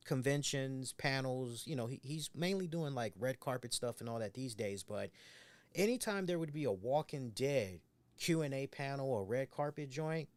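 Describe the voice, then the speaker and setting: A man's voice: medium pitch, dry recording. Casual profane man on a dry mic. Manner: rambling, profane, acts out quoted voices. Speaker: co-host. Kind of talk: casual podcast chat.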